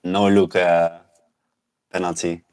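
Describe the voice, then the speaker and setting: Male podcast co-host, lowish voice, casual, quick teasing one-liners. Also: level tone, a little mellow, clear, resonant tone. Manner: teasing, short joking replies. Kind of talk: casual chat.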